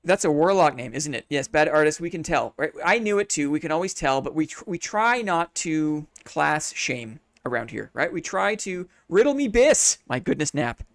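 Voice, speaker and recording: A man's voice: fairly high pitch, expressive, normal speed, few pauses, no echo. A man streaming a game live, chatting casually with viewers in a playful, mock-formal, upbeat way.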